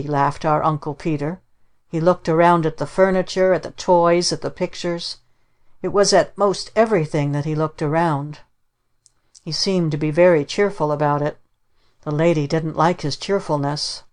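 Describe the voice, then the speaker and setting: A woman narrating an audiobook of old-fashioned stories in a plain, gentle storytelling way. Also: low-pitched, fairly even intonation, normal speed.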